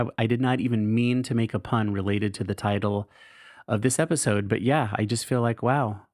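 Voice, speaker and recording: A man's voice: medium pitch, a little mellow, no room sound, clean studio sound. A man hosting a podcast, candidly reading his caregiving diary aloud in a wry, self-mocking way, swearing casually. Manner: frank and wry, swears casually, laughs at himself.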